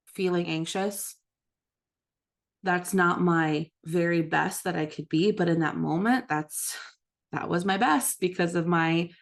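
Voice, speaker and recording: A mother leading a book study, talking in a gentle, reflective, casual way about her own habits. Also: fairly low pitch. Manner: gentle, self-reflective, with occasional laughs. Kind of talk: reflective casual teaching talk.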